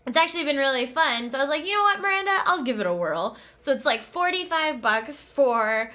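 A woman's voice: high voice, expressive, a little fast, sharp tone. A woman co-hosting a podcast from home, telling a story in casual chat, acting out quotes and laughing often. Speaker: podcast co-host.

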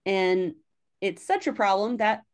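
A woman with a mid-pitched voice casually retelling a plot as a podcast host. She talks in a chatty, animated way and swears freely. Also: measured pace. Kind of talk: casual story recap.

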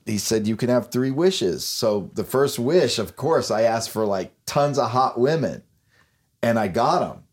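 A man's voice: medium pitch, a little mellow. A man hosting a casual podcast, rambling and self-deprecating, laughing at his own jokes. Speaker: podcast host, musician. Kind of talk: casual chat.

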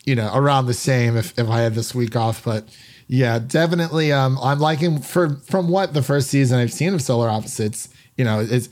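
A man's voice: medium pitch, a little mellow. A man hosting a film podcast in a casual, upbeat chat, full of fillers and restarts. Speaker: podcast host.

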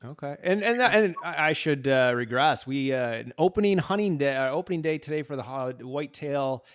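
A man's voice: fairly high pitch, animated, a little fast, fairly bright tone. A man co-hosting a podcast in casual chat, laid-back and rambling with lots of fillers. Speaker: podcast co-host.

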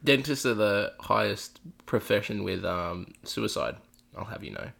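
A man's voice: fairly low pitch, unhurried, creaky, fairly bright tone. A man co-hosting a casual podcast chat, swearing freely and telling anecdotes with quoted voices. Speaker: podcast co-host.

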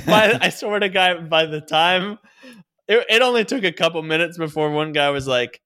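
A man's voice: fairly high pitch, expressive, moderate pace, bright, forceful tone. A man from Virginia telling a story in casual chat, laughing often and swearing freely. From Virginia, USA.

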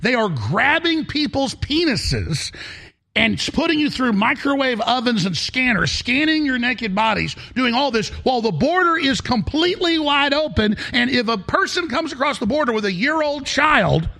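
A man's voice: very high-pitched, big pitch swings, moderate pace, creaky, sharp tone. A man hosting a talk show, delivering an emphatic, rambling monologue that circles back and repeats phrases. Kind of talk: ranting monologue.

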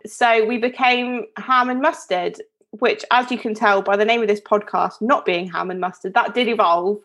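This woman has a medium-pitched, slightly bright voice with fairly even intonation and a moderate pace. She co-hosts a podcast and tells a story casually, chatting, rambling, interrupting herself, and laughing often.

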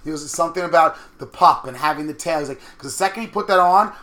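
Male co-host, animated storyteller, quick and bright delivery. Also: on the high side, slight background noise. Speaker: podcast co-host. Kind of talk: casual chat.

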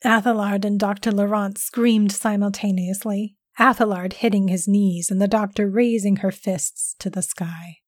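A woman reading a scripted story aloud in an expressive, steady narration. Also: mid-range voice, moderate pace, hardly any pauses, dry recording, studio quality.

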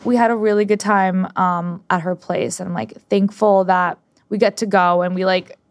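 A woman's voice: mid-range voice, moderate pace, no room sound, clean studio sound. Chatty young woman telling stories. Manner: animated storytelling, acts out quotes. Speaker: podcast co-host. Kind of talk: casual chat.

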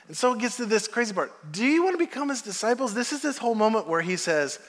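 High-voiced preaching man in a hall. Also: fast, hardly any pauses. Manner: conversational, animated storytelling preaching. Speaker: pastor. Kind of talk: sermon. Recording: long hall reverb.

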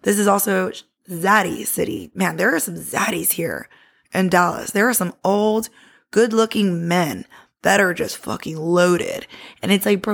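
Profane, gravelly-voiced woman telling a story. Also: mid-range voice. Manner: candid and heavily profane; lively, animated retelling. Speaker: podcast host. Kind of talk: casual storytelling.

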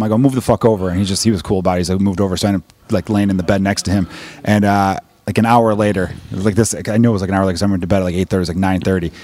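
A man's voice: fairly low pitch, darkish tone. A man in his thirties from the United States, hosting a podcast and telling crude stories in casual, profane chat. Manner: fast, profane storytelling, acts out quoted voices. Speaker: podcast host.

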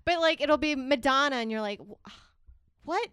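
A woman's voice: high voice, a little fast, fairly bright tone, no echo. A woman co-hosting a podcast, chatting casually and laughing often. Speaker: podcast co-host. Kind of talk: casual chat.

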